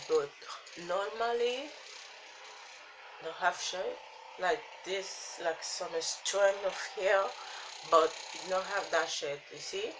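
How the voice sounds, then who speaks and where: A woman reviewing a wig in a casual vlog, exasperated and sighing as she rambles. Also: medium pitch. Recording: noticeable background ambience noise.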